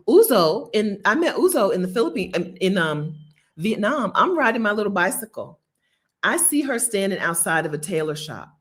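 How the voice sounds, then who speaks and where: In Bogota, a travel vlogger from the U.S. swaps stories with her audience in a brisk, medium-pitched voice. The chat is easygoing and lively, and she laughs a lot.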